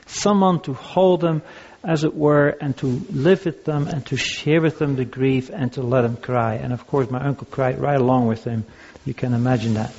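A man's voice: mid-range voice, fairly even intonation, normal speed, vocal fry, hardly any pauses, a little mellow, a little hiss or hum. An older man preaching as a pastor, telling personal stories in a conversational, anecdotal way with frequent restarts. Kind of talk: sermon on grief and listening. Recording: dull lo-fi recording.

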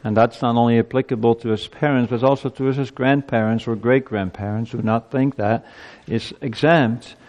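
A gravelly, slightly mellow mid-range voice belongs to a male pastor preaching with earnest emphasis, rising in intensity point by point. Long church-hall reverb surrounds his sermon.

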